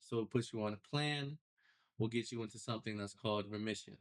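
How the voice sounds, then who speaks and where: Animated low-voiced man telling his story. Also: fairly quick. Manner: animated storyteller, casual slang. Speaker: podcast guest. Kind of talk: storytelling interview.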